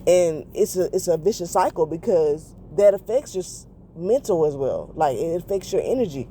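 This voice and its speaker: Warm-voiced rambling podcast mom. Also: female voice, on the low side, expressive, normal speed, slight background noise. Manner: rambling, self-correcting, many fillers. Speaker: podcast host. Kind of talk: casual confessional monologue.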